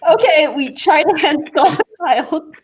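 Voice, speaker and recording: A woman playing a tabletop game over a voice call from a tablet, talking in a relaxed, friendly way. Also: high-pitched, unhurried, poor audio. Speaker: player. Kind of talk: casual tabletop game play.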